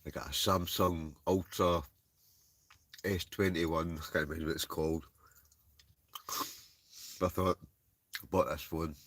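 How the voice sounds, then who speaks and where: A man's voice: deep voice, steady tone, unhurried, long pauses, fairly bright tone, dry recording. A Scottish man hosting a wild camping live stream from a heated tent, chatting in a rambling way, laughing often and answering live comments. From Scotland. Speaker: wild camping livestream host. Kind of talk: casual chat reading live comments. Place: inside a heated tent with a stove.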